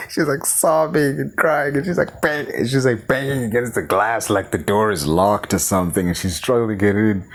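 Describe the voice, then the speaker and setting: A man's voice: medium pitch, husky. A man reviewing a film in a casual, profane, sarcastic rant, full of fillers and restarts. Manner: animated, frequent fillers and self-interruptions. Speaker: film reviewer, show host.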